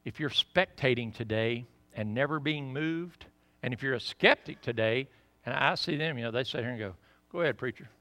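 A middle-aged man with a Southern US accent preaching a sermon in church, building to loud emphatic peaks and dropping to quiet, conversational asides. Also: medium pitch, normal speed, dry recording. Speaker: pastor.

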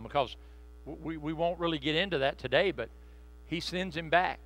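A man preaching a sermon in a conversational, joking way, slowing down to stress key phrases. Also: a little high, fairly bright tone. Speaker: pastor.

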